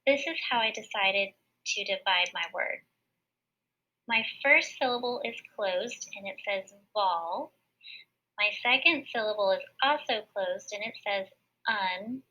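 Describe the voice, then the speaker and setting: A woman teacher giving a recorded phonics lesson to young children, explaining each step slowly, clearly and patiently. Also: fairly high pitch, pushed and bright. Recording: dull lo-fi recording.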